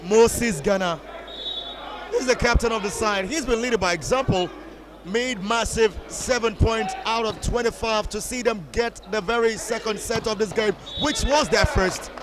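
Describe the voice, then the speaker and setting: High-voiced excitable commentator. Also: male voice, moderate pace, crowd noise, poor audio. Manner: excitable, bursts into shouts on big plays. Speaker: volleyball commentator. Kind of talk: live play-by-play commentary. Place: commentary box at an indoor sports hall.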